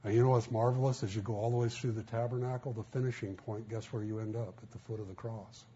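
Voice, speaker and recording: A man's voice: on the low side, steady tone, fast, dark tone. A man preaching a sermon in a folksy storytelling way, acting out quotes. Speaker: pastor. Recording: muffled, faint background hiss.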